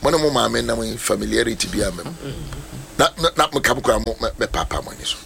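A man preaching a sermon as a pastor, animated and rising to shouts. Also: medium pitch, very fast, gravelly, a crowd in the background.

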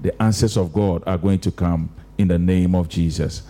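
A man's voice: low-pitched, fairly even intonation, normal speed, warm tone, a little hiss or hum. A man, hosting a live church radio broadcast and preaching fervently with repeated emphatic phrases. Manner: fervent exhortation, repetitive rhetorical emphasis. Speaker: radio host.

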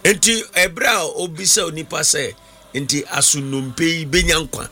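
A man's voice: a little high, animated, normal speed, pushed and bright. A man with a Ghanaian accent preaching alongside another, echoing and finishing lines in English and Twi. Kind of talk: sermon.

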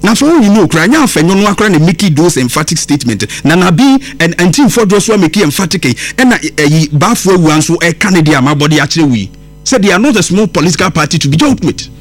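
Animated Ghanaian man on radio. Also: on the high side, fast. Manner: emphatic, indignant, repeating himself for stress. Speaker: radio host. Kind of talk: radio political commentary in Twi and English.

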